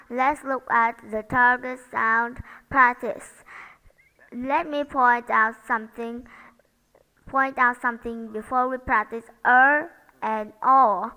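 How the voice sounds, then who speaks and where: A woman's voice: on the high side, pushed and bright, smooth, big-room sound, rough recording. A woman teaching English pronunciation, modeling each sound carefully and asking learners to repeat after her. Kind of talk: slow, careful pronunciation lesson.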